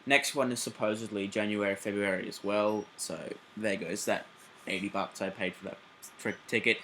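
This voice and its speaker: Excitable Australian guy with a bright voice. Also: on the low side, normal speed, a little hiss or hum. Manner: excitable, swears freely, chatty with fillers. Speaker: railway channel host. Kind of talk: casual vlog.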